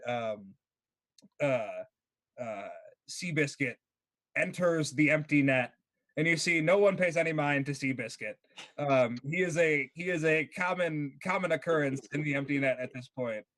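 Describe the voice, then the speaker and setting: A man's voice: on the high side, fairly bright tone, no room sound. A man running a tabletop game as game master, laid back and laughing often as he narrates.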